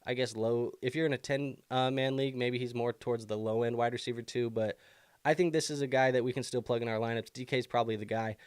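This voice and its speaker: A man's voice: mid-range voice, steady tone, quick pace, clean tone, dry recording. A young man hosting a live fantasy football stream, answering viewer questions casually with lots of fillers, bothered by the hiccups. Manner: casual, thinking aloud with many fillers. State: has the hiccups.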